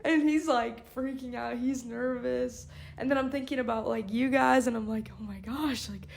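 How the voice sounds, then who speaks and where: A young woman in casual chat, excitable and quick to laugh, using slang. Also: sits high, gravelly.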